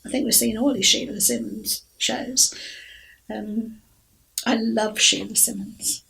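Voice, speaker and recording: Woman fan, interview, gravelly voice, gushing and enthusiastic. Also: a little high, sing-song, takes it slowly, pushed and bright, rough recording.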